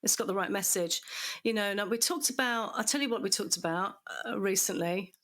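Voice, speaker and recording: A woman hosting a podcast in casual chat, effusive and quick to laugh. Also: mid-range voice. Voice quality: chatty, laughs often, warm and effusive. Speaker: podcast host.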